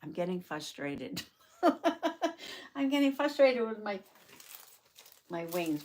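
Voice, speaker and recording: Female craft vlog host, casual and giggly, addresses her viewers by name, average pitch, light background hiss. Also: very animated, takes it slowly, long pauses. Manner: chatty, laughs often, talks to viewers by name. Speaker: journaling channel host. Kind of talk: casual live crafting chat.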